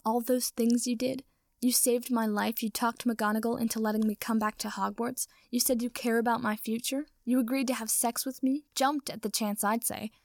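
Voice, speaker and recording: A woman voicing an indignant, haughty young male wizard who rants and accuses, with a gravelly edge in her voice. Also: medium pitch, fairly even intonation, moderate pace, darkish tone, no room sound, studio quality, lightly acted. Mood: ranting. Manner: ranting, accusing, melodramatic.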